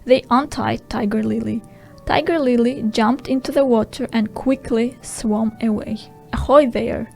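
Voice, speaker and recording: A woman reads a storybook audiobook for language learners. She narrates slowly and clearly in a slightly high voice. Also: steady tone, mellow, faint music behind, poor audio. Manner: slow, clear and simple.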